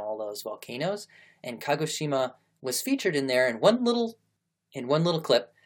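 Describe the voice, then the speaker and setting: Man, reading aloud, chatty asides, explains terms, casual host. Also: medium pitch. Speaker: reader and host.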